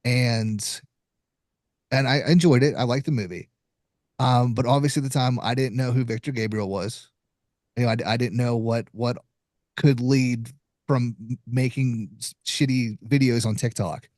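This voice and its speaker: A man hosting a podcast, telling a story in a relaxed, casual way. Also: medium pitch, moderate pace, dry recording, studio quality. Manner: relaxed storytelling, with small restarts. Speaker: podcast host.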